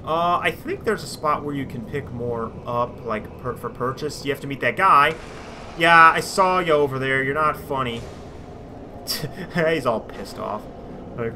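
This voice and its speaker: A man giving sarcastic let's play commentary over a game, breaking into shouted rants. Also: medium pitch, a little slow, a little hiss or hum. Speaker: gaming commentator.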